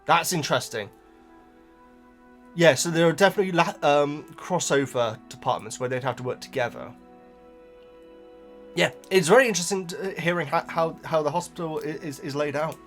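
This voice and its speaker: A man's voice: a little high, normal speed, pauses often, fairly bright tone, soft background music. A man chatting casually on his own channel, rambling with many restarts between topics. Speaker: book reaction host. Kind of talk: casual chat while reading.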